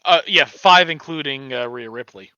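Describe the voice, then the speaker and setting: A man's voice: medium pitch, normal speed, pushed and bright, smooth, no echo, lo-fi sound. A man co-hosting a casual podcast chat, cracking jokes. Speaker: podcast co-host.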